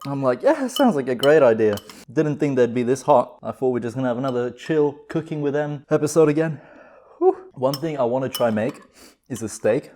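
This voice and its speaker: A man's voice: mid-range voice, brisk, warm tone, slight background noise. A man hosting a casual cooking vlog at home, rambling and exclaiming with self-mocking humor. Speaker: channel host. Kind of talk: casual vlog chat while cooking and eating.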